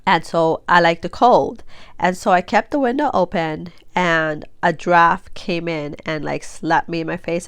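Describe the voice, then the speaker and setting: A woman's voice: lowish voice, normal speed, clear, resonant tone, no echo, studio quality. A woman in her forties chatting casually and rambling as she crafts, with a stuffy, blocked nose. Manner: chatty, rambling, many fillers and restarts. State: stuffy nose after sneezing. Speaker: craft vlogger. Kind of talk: casual tutorial chat while crafting.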